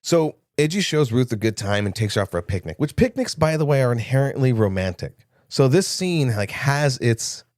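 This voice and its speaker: A young man co-hosts a casual movie podcast, recapping scenes with jokes and quoted lines. His medium-pitched, darkish voice has lively intonation at normal speed, recorded with clean studio sound and no room sound.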